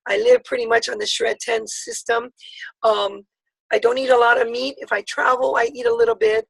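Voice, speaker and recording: Gravelly, fiery woman in her fifties. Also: a little high, a bit bright, no room sound, poor audio. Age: 50s. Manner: passionate, rapid storytelling. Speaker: network marketing speaker. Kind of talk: motivational talk on a call.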